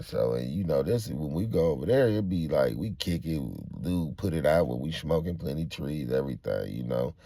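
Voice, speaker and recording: A man with a very low, gravelly voice tells a true-crime story from his own life in a loose, casual way, full of slang, fillers and side remarks. His pitch swings widely as he acts out the people in it. The sound is dry and close. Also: normal speed, few pauses, no echo. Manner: acts out quoted people, jumping much higher when excited.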